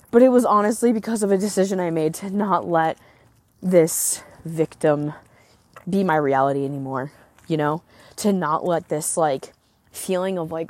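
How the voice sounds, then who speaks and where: A woman hosting a solo podcast, talking candidly and excitedly as a business coach, often swearing and filling with "like" and "right?", recorded outdoors. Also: on the low side, normal speed, dry recording. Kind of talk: casual solo podcast monologue.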